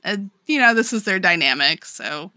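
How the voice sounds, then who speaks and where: A woman's voice: medium pitch, animated, normal speed, bright, forceful tone, no room sound. A woman co-hosting a podcast, recapping a story in casual chat, swearing freely and saying "like" often. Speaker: podcast co-host.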